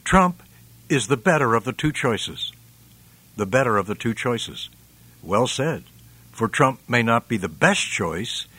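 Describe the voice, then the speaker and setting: A man hosting a commentary program, reading out listener replies in a measured, emphatic way and chuckling often. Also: medium pitch, a bit bright, no room sound. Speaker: radio commentary host.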